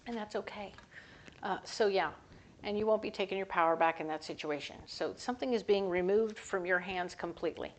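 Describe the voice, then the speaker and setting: A woman's voice: mid-range voice, a little fast, slight background noise. A woman giving a casual, upbeat tarot reading to camera, chatty and often correcting herself mid-sentence. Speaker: tarot reader.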